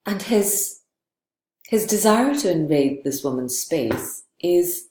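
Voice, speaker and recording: Slow, low-voiced woman lecturing. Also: expressive, darkish tone, reverberant. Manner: thoughtful, digressive, frequent "right?" checks. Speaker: literature lecturer. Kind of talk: recorded lecture.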